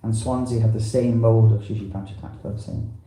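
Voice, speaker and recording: Man, visiting preacher, loose conversational talk, very dark tone, echoey temple room. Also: lowish voice, steady tone, fairly quick. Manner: rambling and conversational, full of "you know". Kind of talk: informal talk to a temple congregation. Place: temple hall.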